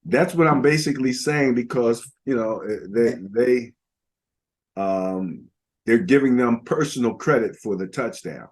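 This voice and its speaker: A man's voice: mid-range voice, unhurried, husky. An older man co-hosting a casual football podcast, rambling through stats with lots of fillers. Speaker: podcast co-host. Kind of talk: casual sports talk.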